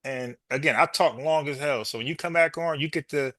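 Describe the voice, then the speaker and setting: A pushed, bright voice, a little high and a little fast, belongs to a podcast host locked in a heated argument with a caller. He keeps repeating himself and calls the man "bro." The recording is studio quality with no room sound.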